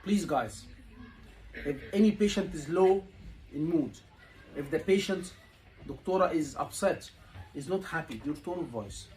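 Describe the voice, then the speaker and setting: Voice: medium pitch, animated, a little slow, pauses often, a little mellow, poor audio. A tutor coaching a room of students, repeating key points and asking rhetorical questions. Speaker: exam tutor. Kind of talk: live teaching session.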